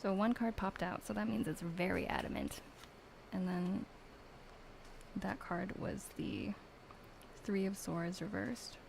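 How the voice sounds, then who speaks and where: A young woman reading tarot gently in a whispered role-play, soft and halting with many fillers. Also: medium pitch, expressive, creaky, slight background noise, rough recording. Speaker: ASMR streamer reading tarot.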